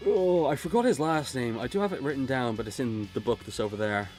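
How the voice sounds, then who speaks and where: Sweary rambling streamer. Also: male voice, mid-range voice, animated, fairly quick, a little mellow, soft background music. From England, Gloucester. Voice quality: sweary, rambling, laughs often. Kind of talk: casual chat while drawing.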